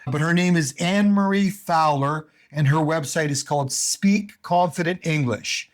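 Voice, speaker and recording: A man with a fairly high voice talks straight to learners as their English speaking coach. He is animated and emphatic and keeps coming back to his main points. The talk is loose and conversational, like a lesson to camera. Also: measured pace. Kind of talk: casual coaching monologue. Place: home in Brazil.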